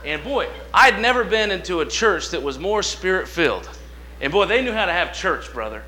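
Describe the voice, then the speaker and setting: A man preaching a sermon, telling folksy stories and swinging between quiet asides and loud, emphatic lines. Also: high-pitched, big pitch swings, moderate pace. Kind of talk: sermon with storytelling.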